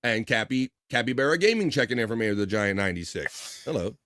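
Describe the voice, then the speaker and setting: A man's voice: mid-range voice, lively intonation, fast talker, a bit bright, dry recording, clean studio sound. A man hosting a casual live stream, rambling, laughing often and restarting his sentences. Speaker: livestream host.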